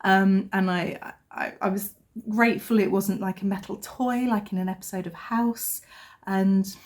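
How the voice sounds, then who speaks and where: A woman's voice: mid-range voice, steady tone, measured pace, a little mellow. A woman in her thirties, a vlogger chatting casually and telling a family story with self-deprecating humour. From England. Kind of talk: casual chat.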